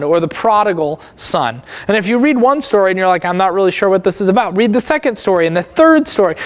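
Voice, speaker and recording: A church teacher giving a conversational Bible study lesson, casual in tone and often checking in with the listeners. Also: medium pitch. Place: church auditorium. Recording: long reverb of a church hall.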